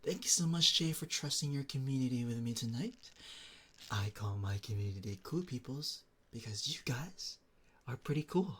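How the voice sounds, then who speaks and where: Male ASMR streamer, easygoing chat with viewers, mid pitch, lots of filler words, greets people by name. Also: animated, normal speed, fairly bright tone, husky. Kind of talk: casual live-stream chat.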